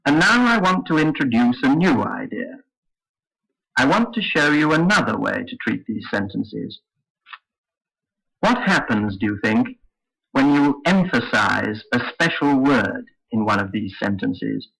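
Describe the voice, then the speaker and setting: Bright-voiced male phonetics teacher. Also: mid-range voice, sing-song, gravelly, breathy edge, poor audio. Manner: slow, careful, explanatory. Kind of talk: scripted spoken lesson. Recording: old lesson recording.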